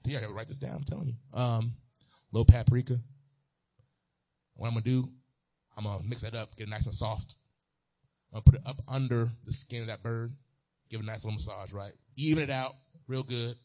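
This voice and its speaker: A man's voice: medium pitch, steady tone, a little fast, pauses often, dark tone. A man preaching a sermon in a folksy, playful way, talking straight to the congregation.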